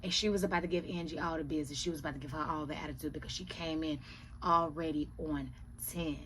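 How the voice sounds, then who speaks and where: A woman reviewing reality TV in casual, profane chat who often drops to hushed asides. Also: deep voice, steady tone, fast talker, a little hiss or hum.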